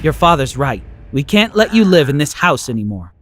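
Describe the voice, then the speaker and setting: A man voicing a shocked, disappointed mother in an animated story, speaking in a reproachful, disbelieving way. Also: a little high, normal speed.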